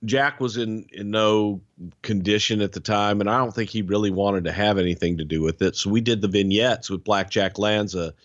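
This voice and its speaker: A man with a lowish voice, a former wrestling executive, answers in a blunt and measured way, with the odd curse. The recording sounds dull and lo-fi, and it is close and dry. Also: no echo. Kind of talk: casual podcast chat.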